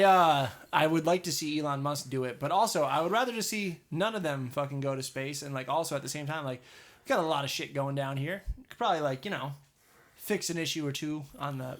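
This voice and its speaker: A man's voice: on the high side, fast talker, fairly bright tone. A man co-hosting a podcast in casual chat, laid-back and rambling with fillers. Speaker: podcast co-host.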